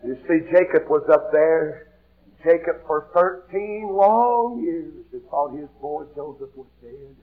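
A man preaching a sermon, retelling a story with impassioned shouts and quiet, hushed passages. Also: a little high, takes it slowly. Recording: muffled lo-fi recording with faint hiss.

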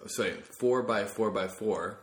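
Man, comedy podcast host, rambling, self-correcting, low voice, echoey room. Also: unhurried.

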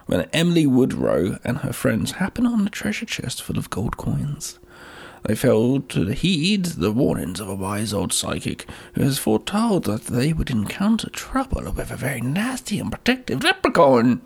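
A man's voice: mid-range voice, wildly swooping pitch, moderate pace, creaky, husky. A man co-hosting a comedic podcast, playful and riffing on jokes. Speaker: podcast co-host. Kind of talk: casual comedic chat.

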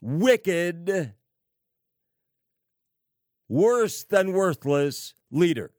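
A man preaching on prophecy, slow and emphatic, with sarcastic asides and wry laughs. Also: high-pitched, sing-song, a little mellow, dry recording, clean studio sound. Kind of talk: prophecy sermon.

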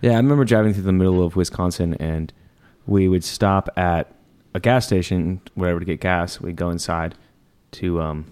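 A man co-hosting a relaxed podcast, speaking in a fairly low voice. He rambles through his stories and chuckles often, and he swears here and there. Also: normal speed, hardly any pauses, clean tone. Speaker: podcast co-host. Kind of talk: casual chat.

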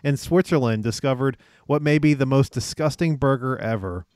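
Podcast host, male, middle pitch, loose and halting, chuckles often, dry recording. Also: darkish tone, no room sound. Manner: hesitant, lots of "uh" fillers and chuckles. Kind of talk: casual podcast banter.

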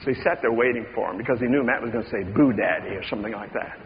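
A man preaching a sermon, telling stories with dramatic swings from hushed tones to shouts. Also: medium pitch, rapid-fire, a little hiss or hum. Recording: dull reverberant hall recording.

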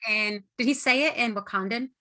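A woman's voice: fairly high pitch, a little fast, sharp tone. A woman co-hosting a casual podcast, talking in a bubbly, enthusiastic way. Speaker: podcast co-host.

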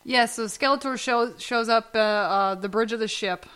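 A woman's voice: fairly high pitch, moderate pace, a bit bright, clean tone. A woman co-hosting a casual podcast chat, laughing often and making wry jokes. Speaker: podcast co-host.

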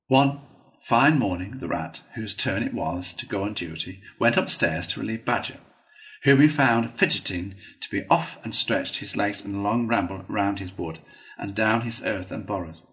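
A man narrating a classic children's storybook in a measured, even storytelling manner. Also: fairly low pitch, low-quality recording. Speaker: reader.

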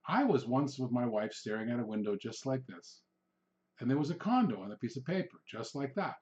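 A man's voice: medium pitch, expressive, brisk, darkish tone, muffled recording. A middle-aged man giving instructional sales advice in a conversational way, acting out short exchanges with customers. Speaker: real estate trainer, podcast host. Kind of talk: instructional talk.

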